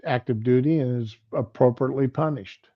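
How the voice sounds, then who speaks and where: A man's voice: mid-range voice, brisk. A middle-aged man giving casual political commentary on a livestream, rambling and conversational. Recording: lo-fi stream audio.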